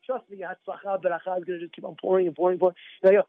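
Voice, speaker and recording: Emphatic rabbi with a high, tinny voice. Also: male voice, level tone, racing, no room sound. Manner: emphatic, repeats phrases, asks the audience questions. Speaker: rabbi giving a Torah class. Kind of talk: sermon.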